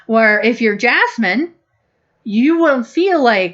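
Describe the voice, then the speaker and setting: Slow-spoken woman channeling spiritual guidance. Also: on the high side, lively intonation. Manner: slow, gentle and deliberate, acting out little quoted exchanges. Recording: dull lo-fi recording.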